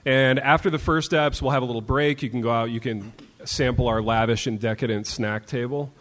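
Playful host in a reverberant live hall. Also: male voice, medium pitch, fairly even intonation, brisk, fairly bright tone. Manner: playful, calls his co-hosts baby. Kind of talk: live podcast hosting. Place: live stage show in a hall.

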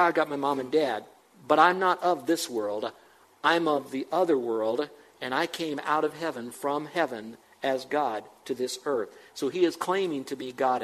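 A man's voice: fairly high pitch, fairly bright tone, low-quality recording. A middle-aged man, a pastor, preaching a conversational sermon and asking the congregation questions.

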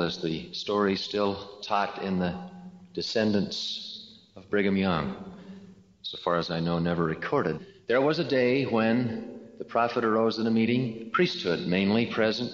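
A man giving a sermon, telling a story slowly and deliberately with dramatic pauses, recorded in a large hall. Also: low-pitched. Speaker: religious speaker. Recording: echoey hall, dull lo-fi sound.

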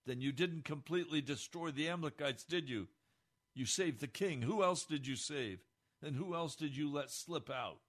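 Pastor guy preaching, blunt and earnest, voice sits a bit high. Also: expressive, normal speed, fairly bright tone. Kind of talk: sermon.

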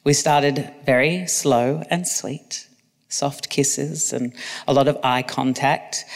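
A man's voice: medium pitch, big-room sound. Cheeky man reading aloud. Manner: cheeky, laughing asides. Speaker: author reading own memoir. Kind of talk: audiobook narration with asides.

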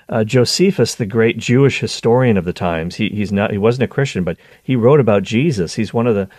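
A man hosting a show, giving a conversational teaching talk on scripture, animated and full of restarts. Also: on the low side, no echo, studio quality. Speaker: Catholic teacher and show host.

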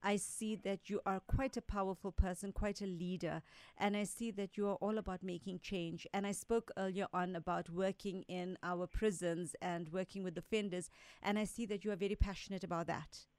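A woman's voice: mid-range voice, steady tone, moderate pace, darkish tone, smooth, no room sound. A woman giving psychic readings to radio callers, speaking in a direct, reassuring way and relaying messages as quotes. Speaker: resident psychic medium.

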